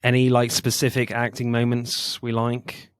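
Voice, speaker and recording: A man hosting a casual film review podcast. He speaks in a relaxed way, laughs often and leads the segments. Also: medium pitch, moderate pace, clear, resonant tone, no echo.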